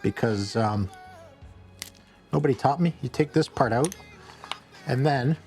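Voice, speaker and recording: A middle-pitched man chatting through a home cooking vlog, wandering from thought to thought and poking fun at himself. Now and then he bursts out in excited exclamations, and soft music plays faintly behind him. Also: unhurried. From Canada. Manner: rambling, self-mocking, excitable bursts. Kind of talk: casual cooking vlog chat.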